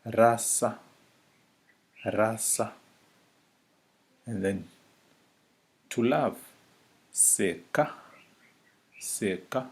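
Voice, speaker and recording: A man teaching a vocabulary lesson, saying each word slowly and repeating it several times for the listener. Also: on the low side, gravelly. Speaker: language teacher. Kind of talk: slow spoken vocabulary lesson.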